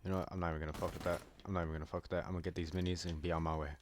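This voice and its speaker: A young man giving casual, profane gameplay commentary, often bursting into yells. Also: deep voice, rapid-fire, slight background noise. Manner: profane, excitable, bursts into yelling. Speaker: gaming video creator.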